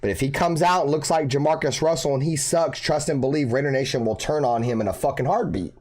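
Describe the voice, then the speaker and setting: A man's voice: fairly high pitch, fast talker. A man hosting a fan live stream, chatting casually with his viewers and swearing freely. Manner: excitable, swears, bursts into loud mock wailing. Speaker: fan channel host.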